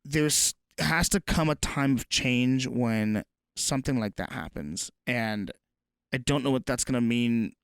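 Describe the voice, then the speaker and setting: A man's voice: mid-range voice, a little slow, clear, resonant tone, no echo. A young man co-hosting a casual comedy podcast, swearing often and reading headlines aloud. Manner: profane, animated, reads headlines aloud. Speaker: podcast co-host.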